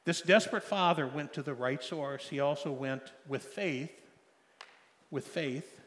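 A middle-aged man preaching a sermon, telling a personal story with emotional swings from loud pleading to soft hushed tones. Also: on the high side, unhurried. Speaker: pastor. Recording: long hall reverb.

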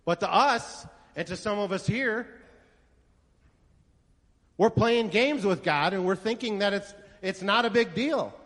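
A man's voice: high voice, a little slow, long pauses, a bit bright. A male pastor preaching a sermon to a congregation, telling a story and asking rhetorical questions with emphasis. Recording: echoey hall reverb.

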